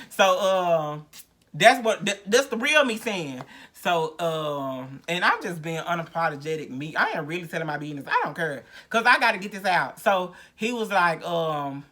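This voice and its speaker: On her podcast, a woman recounts her recovery in a frank, rambling way full of restarts. Her lowish voice is a bit bright, with lively intonation and a moderate pace, and she's not recording on a real podcast mic.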